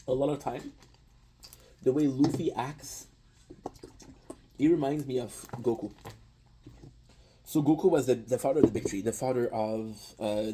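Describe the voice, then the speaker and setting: A man's voice: mid-range voice, background noise. A man casually retelling an anime story, with lots of restarts and offhand swearing. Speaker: anime commentator.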